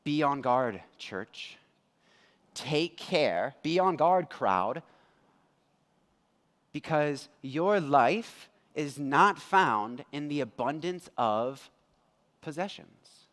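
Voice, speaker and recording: Animated male pastor preaching. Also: a little high, drawn-out words, pauses often, big-room sound. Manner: animated, conversational, acts out quotes. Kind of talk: sermon. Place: church.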